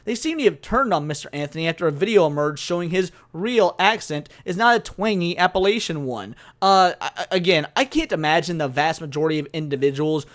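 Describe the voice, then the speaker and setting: An American man with a fairly high voice delivers opinionated commentary, reading from an article and then reacting to it. His tone is animated and exasperated, and he climbs into emphatic outbursts when he makes a point. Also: brisk, few pauses. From United States. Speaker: commentary host reacting to news.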